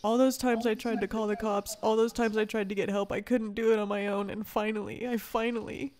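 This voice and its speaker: A woman's voice: mid-range voice, little pitch movement, fairly quick, crowd noise. A woman hosting a livestream who tells a personal story candidly and bluntly, swearing freely and getting heated as she recounts anger. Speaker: livestream host.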